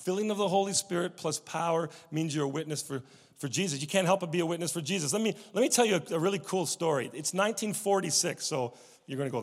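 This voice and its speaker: A man preaching a sermon, telling stories with many restarts and swings from loud emphasis to hushed tones. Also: on the high side, big-room sound. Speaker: pastor.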